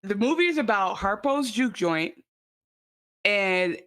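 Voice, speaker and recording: A woman co-hosting a casual reaction chat, playful and quick to laugh. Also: mid-range voice, animated, a bit bright. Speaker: podcast co-host.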